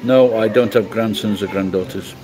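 A man's voice: on the low side, steady tone, normal speed, rough recording. A middle-aged man from England chatting casually on a livestream, rambling and swearing bluntly as he answers comments. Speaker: livestream host.

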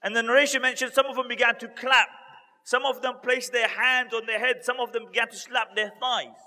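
A male preacher tells a religious story in a high, ringing voice. He repeats key points for emphasis and builds into lively retellings. His voice trails off in a long reverb, as in a large hall. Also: fairly quick. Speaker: Islamic preacher.

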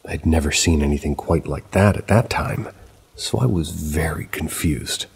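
A man's voice: extremely low pitch, moderate pace, creaky, breathy edge. A man narrating a first-person paranormal story in a casual, conversational way with wry asides.

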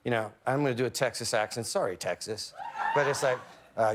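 A man from Canada, a talk show guest telling a comic story with fumbling restarts and quick self-deprecating asides. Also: mid-range voice, a crowd in the background. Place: TV studio.

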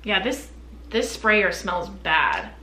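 A woman's voice: medium pitch, expressive, takes it slowly, sharp tone, reverberant, a little hiss or hum. A young woman chatting casually and candidly about her perfumes for a vlog, full of fillers. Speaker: beauty vlogger. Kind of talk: casual chat.

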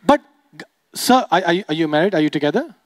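A young man with an Indian accent doing stand-up comedy, animated and teasing the audience. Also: a little high, quick pace, dry recording. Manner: animated, teases the audience, switches into voices.

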